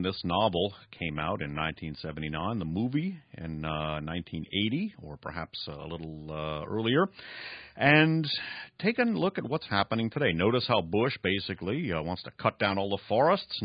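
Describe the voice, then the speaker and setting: A man with a low voice hosts a radio commentary, his pitch rising and falling freely as he works through hesitant asides. The sound is dry and dull, with a lo-fi broadcast tone. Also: no echo. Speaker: radio host. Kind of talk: commentary with read-aloud excerpts.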